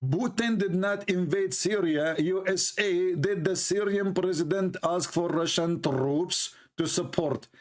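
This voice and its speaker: Sarcastic man mocking in halting English. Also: high voice. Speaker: commentator. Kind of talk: mocking commentary on a clip.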